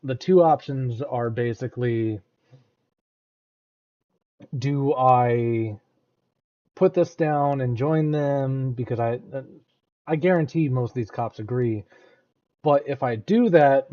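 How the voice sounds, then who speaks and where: A man's voice: mid-range voice, takes it slowly, long pauses, muffled recording. An American man giving casual reaction commentary, often restarting and repeating words as he thinks aloud. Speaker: reaction streamer.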